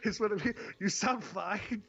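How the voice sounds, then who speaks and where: Cornish man, casual streamer; slightly high, stop-start delivery, dull low-fi sound. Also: moderate pace, over a noisy crowd. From Cornwall, England. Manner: hesitant, repeats words, calls others "my flower". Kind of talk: casual chat.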